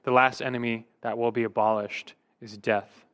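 A man's voice: medium pitch, little pitch movement, moderate pace, fairly bright tone, clean tone. A male pastor preaching a sermon emphatically, his voice rising and dropping for emphasis, sometimes restarting a word mid-phrase.

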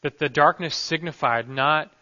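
Earnest male pastor preaching, bright tone. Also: fairly high pitch, normal speed. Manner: earnest, emphatic preaching that drops soft at the ends of phrases. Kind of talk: expository sermon. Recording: dull lo-fi recording.

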